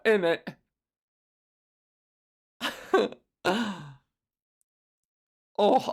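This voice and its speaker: A woman voicing a jittery Victorian London male killer in an exaggerated mock Cockney voice, louder and lower than her own talk, as a comedic podcast riff. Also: natural voice. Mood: gleeful.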